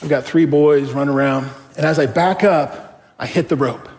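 Middle-aged male pastor, fairly high voice, chatty storytelling sermon, long church reverb. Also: moderate pace. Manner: conversational, animated, with rhetorical questions.

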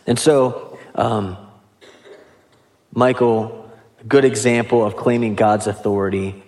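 A pastor preaching a sermon in a conversational way, with casual asides and questions to the congregation. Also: male voice, fairly low pitch, fairly even intonation, slow, long pauses, darkish tone.

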